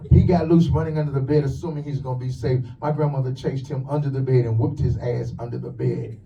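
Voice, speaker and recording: A man doing a stand-up comedy set in a club, telling crude, punchy stories with quick asides. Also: medium pitch, fairly even intonation, gravelly, warm tone, recorded from a distance, lo-fi sound. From lives in the USA.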